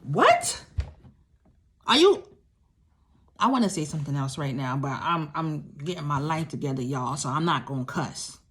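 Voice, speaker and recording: A woman's voice: deep voice, a little fast, few pauses. A young woman, a survivor of domestic violence, tells her story to listeners in candid, emphatic talk, repeating key phrases and speaking straight to them.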